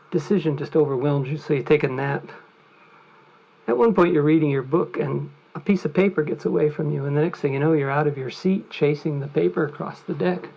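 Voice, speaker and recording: Gravelly man telling a story. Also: a little high, a little mellow. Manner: vivid, conversational storytelling. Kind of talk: storytelling lecture. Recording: muffled lo-fi recording.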